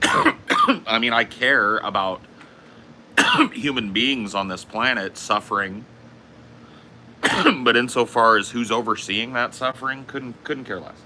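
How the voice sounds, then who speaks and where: Streamer guy ranting and cussing, loose and rambly, super bright sharp tone. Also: mid-range voice, very animated, slow pace, pauses often, slight background noise. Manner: profane, rambling rant; frequent coughing. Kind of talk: casual livestream chat.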